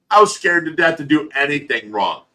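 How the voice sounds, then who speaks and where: A man's voice: fairly high pitch, bright, forceful tone. A man hosting a casual livestream, talking bluntly and profanely, ranting and telling stories to his chat with laughs. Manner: ranting, talks to chat commenters by name. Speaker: livestream host of a fish rescue channel.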